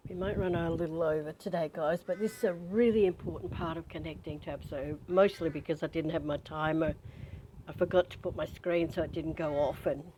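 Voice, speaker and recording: A woman guides a spiritual training session. Her voice sits a little low, and she talks candidly and conversationally, weaving personal stories between gentle prompts to breathe. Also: slight background noise, rough recording. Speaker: spiritual teacher.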